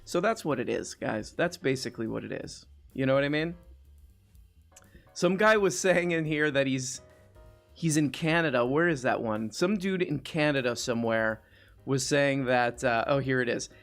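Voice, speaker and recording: A man's voice: medium pitch, lively intonation, moderate pace, fairly bright tone, soft background music. Joking, rambling male talk-show host. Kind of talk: casual chat.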